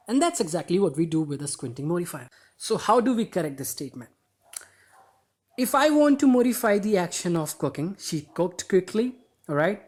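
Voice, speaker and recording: A man teaching an English grammar lesson in an upbeat way. He calls viewers guys, asks rhetorical questions, and slows down to stress words in example sentences. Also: a little high, darkish tone.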